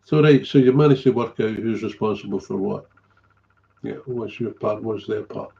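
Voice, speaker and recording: A man's voice: lowish voice, fairly even intonation, normal speed, gravelly, dark tone, highs cut off. A middle-aged man, telling a candid story as a recovery sponsor, blunt and swearing freely, often trailing off and repeating himself.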